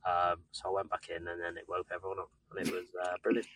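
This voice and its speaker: A young man co-hosting a podcast, telling sweary, animated stories about parenting in casual chat. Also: low-pitched, quick pace, a little hiss or hum. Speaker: podcast co-host.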